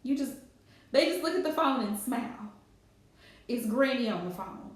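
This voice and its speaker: A woman's voice: a little high, lively intonation, moderate pace. A woman, chatting casually on a live stream with playful scolding asides. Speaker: livestream host. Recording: very echoey room.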